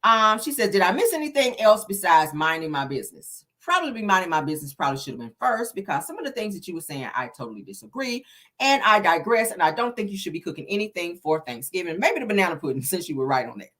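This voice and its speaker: A sassy woman dishes celebrity gossip in a chatty way. Her lowish voice swoops all over as she talks, and she keeps calling her viewers honey and baby. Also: very animated, quick pace, a bit bright. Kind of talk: casual gossip commentary.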